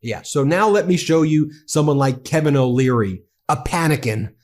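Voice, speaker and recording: A fairly high-voiced man hosts a casual commentary show and reacts to news clips. He talks in an excited, mocking way and his pitch swings often as he goes. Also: moderate pace. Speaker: political commentary host.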